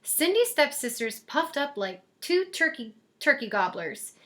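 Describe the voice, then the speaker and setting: A woman reading a picture book aloud in a lively, expressive way. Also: high voice, a little slow. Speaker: storyteller. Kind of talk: storybook read-aloud.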